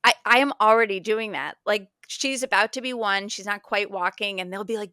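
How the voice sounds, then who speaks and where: A woman hosts a casual podcast chat, tossing in quick asides and plenty of filler words. Her voice is bright and crisp. It sits close and dry on the mic. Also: medium pitch, no echo. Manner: chatty, quick asides and frequent "like". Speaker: podcast host.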